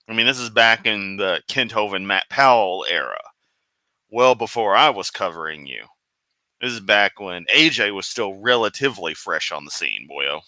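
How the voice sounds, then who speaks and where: Male reaction host, sarcastic and rambling, bright forceful tone, dry close recording. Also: fairly low pitch, expressive, normal speed, no room sound. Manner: sarcastic, rambling, talks back to the clip. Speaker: commentary host reacting to clips. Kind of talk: casual reaction commentary.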